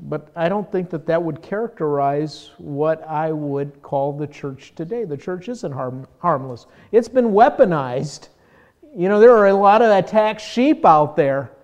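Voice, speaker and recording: An older man, a pastor, preaching a sermon in a conversational, self-deprecating way, getting animated when he mimics people. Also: a little high, a little slow, dull audio.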